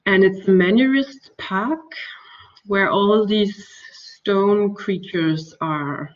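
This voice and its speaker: A woman's voice: mid-range voice, slow pace. A woman with a Danish accent, a native Danish speaker, giving an academic architecture talk with many fillers and restarts. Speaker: architecture lecturer. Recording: distant dull lo-fi recording.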